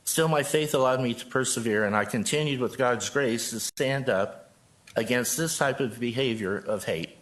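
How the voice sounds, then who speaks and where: An older man from Joplin speaks at a council podium microphone, reading a prepared statement in an earnest, measured way. His voice is mid-pitched and steady. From Joplin, Missouri. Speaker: pastor speaking at public comment. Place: city council chamber.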